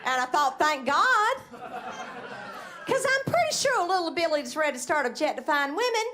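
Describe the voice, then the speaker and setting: A woman's voice: sits high, sing-song, quick pace, slight background noise. A woman with a Southern accent performing a brash, profane stand-up set at a comedy club. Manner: brash, profane, mocking quoted voices. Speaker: stand-up comic. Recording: live club with audience laughter.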